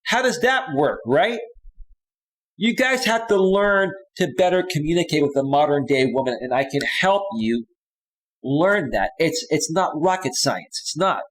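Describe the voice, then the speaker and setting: A man's voice: fairly high pitch, expressive, a little slow, fairly bright tone. Emphatic male dating coach on a live stream. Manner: emphatic, repeats "right?" often. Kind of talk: live stream commentary reading chat.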